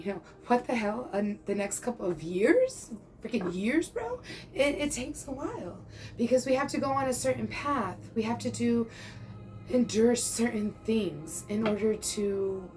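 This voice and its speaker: In a rough recording, a woman in her thirties with a mid-range, slightly mellow voice gives a casual tarot reading. She's chatty and reassuring, checks in with the listener often, and now and then calls them "bro."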